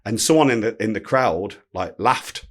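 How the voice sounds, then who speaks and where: A man, telling a story as a podcast guest, animated and swearing freely. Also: fairly low pitch, moderate pace. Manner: animated anecdote-telling, swears freely, acts out quoted speech. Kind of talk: casual storytelling.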